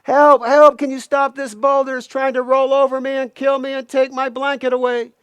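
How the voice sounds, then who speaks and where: A man's voice: fairly high pitch, expressive, normal speed, no echo, voice pushed down. A man voicing a sly male coyote in a spoken folk tale, pleading and frantic when chased. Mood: panicked.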